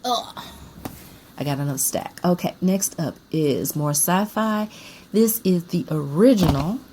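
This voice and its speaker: A woman's voice: fairly low pitch, unhurried, background noise. A woman chatting casually about her movie collection as a vlogger, emphatic and repeating herself for effect. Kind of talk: casual chat about films.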